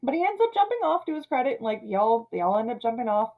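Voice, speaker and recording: A woman in her thirties casually ranting about an old film, retelling scenes and slipping into quick character voices. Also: fairly high pitch, big pitch swings, narrow, tinny audio. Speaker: film commentator. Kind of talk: casual movie rant.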